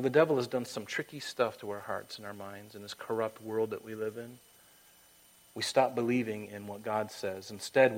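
A man preaching a sermon and then leading a prayer. His delivery is emphatic, swinging between loud urging and quiet, hushed lines, and he sometimes slips into a high falsetto to act out voices. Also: rough recording. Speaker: pastor.

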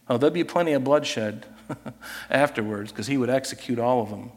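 A man preaching a sermon as pastor, animated and acting out scripture scenes with put-on voices, in a church sanctuary. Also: mid-range voice, moderate pace, in a large hall.

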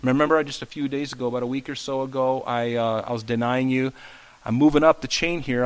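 A man's voice: medium pitch, steady tone, fast talker, clean tone, low-quality recording. A male pastor preaching a conversational sermon, often asking the congregation questions. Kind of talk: expository sermon.

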